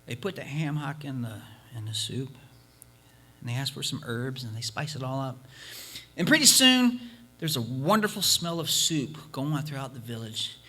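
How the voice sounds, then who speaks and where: A man's voice: medium pitch, expressive, normal speed, bright, forceful tone. A male preacher giving an emphatic sermon, hammering points by repetition and telling a folk story. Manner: emphatic, repeating points for force.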